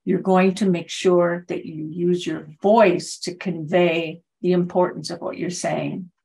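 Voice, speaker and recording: A middle-aged woman teaching a public speaking workshop over a video call, with lively, varied pacing and deliberate pauses. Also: on the low side, vocal fry. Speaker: speaking coach. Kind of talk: conference workshop talk.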